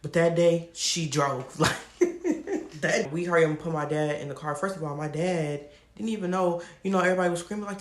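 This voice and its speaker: A man telling a personal story to camera in a casual, animated, slangy way. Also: fairly high pitch, a little fast, echoey room. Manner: animated, slangy, laughs often. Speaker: storytime vlogger.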